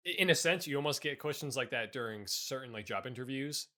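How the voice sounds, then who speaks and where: A man's voice: medium pitch, expressive, fairly quick, bright, forceful tone. A young adult man co-hosting a casual podcast chat. He rambles, full of fillers, and laughs along with his guest. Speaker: podcast co-host.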